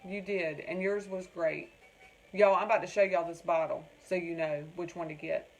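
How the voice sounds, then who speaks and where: A woman with a low-ish, steady voice and a Southern accent from North Carolina hosts a crafting livestream from home at a normal speed, though the audio is poor. She's chatty and rambling, keeps calling viewers "y'all," and reads their comments out loud during the casual stream.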